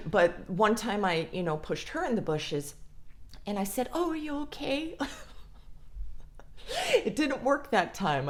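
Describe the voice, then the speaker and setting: A woman vlogger talking casually about mental health in a blunt, frank way, swearing freely. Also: lowish voice. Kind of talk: casual talk to camera.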